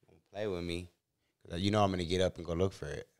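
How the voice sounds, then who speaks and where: A man's voice: sits low, flat delivery, fast talker, darkish tone, smooth, no echo, clean studio sound. A man hosting a podcast, talking in a laid-back, rambling way with many fillers. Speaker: podcast host. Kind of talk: casual chat.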